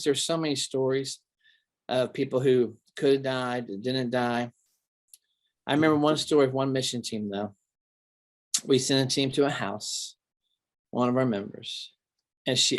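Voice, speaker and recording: A man with an everyday mid-range voice tells his stories as a pastor, earnest and animated. He often stops and restarts mid-sentence while he recalls details. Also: mid-range voice. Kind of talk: recalled storytelling interview.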